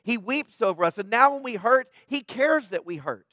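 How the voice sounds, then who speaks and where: High-voiced man preaching conversationally. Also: lively intonation, normal speed, sharp tone, no room sound, studio quality. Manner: emphatic, tags points with "right?"; plainspoken, preachy asides. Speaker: pastor. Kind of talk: conversational sermon.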